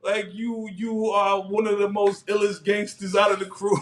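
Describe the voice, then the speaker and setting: Excitable man recapping a TV episode. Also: high voice, moderate pace, slight background noise. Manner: excitable, laughs often, heavy street slang. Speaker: TV show recap host. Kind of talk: casual live episode recap.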